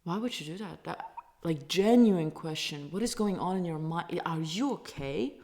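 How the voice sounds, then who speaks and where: A woman's voice: fairly low pitch, expressive, moderate pace, a little mellow. A woman from Turkey, a native Turkish speaker, ranting in English with heated, profane talk and stumbling restarts. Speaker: vlogger. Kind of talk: angry casual rant.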